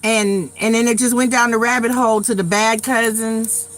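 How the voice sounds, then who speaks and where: A woman's voice: fairly high pitch, fairly even intonation, normal speed, a bit bright. A middle-aged woman from New York, hosting a live tarot stream in loose casual chat, telling stories bluntly with some swearing and repeating herself. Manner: chatty storyteller, blunt and profane, repeats herself.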